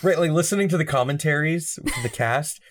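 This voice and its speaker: A podcast co-host in a casual chat, telling stories in a relaxed, amused way. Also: medium pitch, a little fast.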